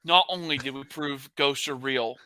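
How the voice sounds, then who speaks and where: A man's voice: mid-range voice, pushed and bright, clear, resonant tone. A young man co-hosting a podcast, joking and riffing on bits in a casual chat. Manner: joking, quick to riff and act out bits. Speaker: podcast co-host.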